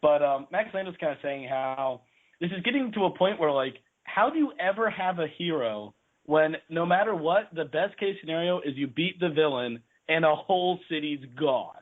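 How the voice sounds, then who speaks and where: A man's voice: fairly high pitch, animated, normal speed. A man rambling through a casual movie discussion, full of "like" fillers and restarts. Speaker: podcast panelist. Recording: tinny phone-like lo-fi sound.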